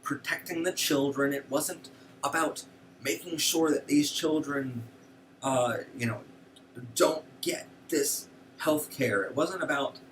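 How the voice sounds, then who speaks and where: A man's voice: a little high, takes it slowly, distant mic, slight background noise. A man hosting a show, giving casual, indignant political commentary with lots of fillers. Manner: animated, indignant, frequent fillers. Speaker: show host.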